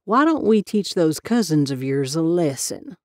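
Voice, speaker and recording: A woman voicing the kindly ghost of a soldier, with a gentle, slow manner and a Midwestern accent. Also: low voice, very animated, no echo, studio quality, exaggerated voice. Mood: amused.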